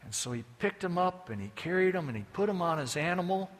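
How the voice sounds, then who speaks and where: A man's voice: sits high, lively intonation, fast talker. A man preaching a sermon as a folksy, joking storyteller, with long hall reverb behind him.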